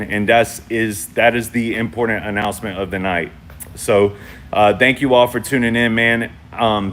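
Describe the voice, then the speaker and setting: A man hosting a casual livestream check-in from home on his phone, talking in a laid-back, slangy way and shouting out viewers in the chat. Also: on the low side, a little hiss or hum. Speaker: channel host.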